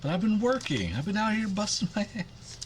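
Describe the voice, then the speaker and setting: A man voicing his pampered female house cat, who whines slowly and sassily that she has earned her treats. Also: sits high, very animated, slight background noise, voice pushed up. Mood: whiny. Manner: whiny, sassy and slow.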